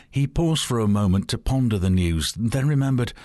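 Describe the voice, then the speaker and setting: A man telling a long joke as a story in a wry, measured way. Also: medium pitch, lively intonation, dark tone, dry recording, clean studio sound.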